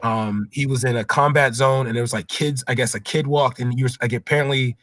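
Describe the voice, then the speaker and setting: A man's voice: medium pitch, steady tone, brisk, fairly bright tone, no echo. A man hosting a casual debate, hedging with "like" and asking pointed questions. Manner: hedging, uses like a lot, asks pointed questions.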